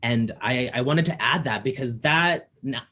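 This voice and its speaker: A man from Canada with a slight lisp and a slightly raspy voice, reflectively telling personal stories in a casual conversation. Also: mid-range voice, moderate pace, sharp tone. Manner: reflective, personal storytelling with frequent ums. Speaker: performance artist in conversation.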